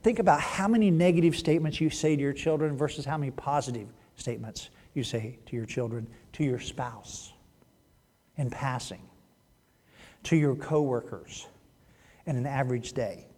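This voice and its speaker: A man preaching a sermon in a church, joking and teasing, then dropping to a hushed voice. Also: medium pitch, moderate pace. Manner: playful, teasing, swings from loud to hushed. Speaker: pastor. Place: church sanctuary.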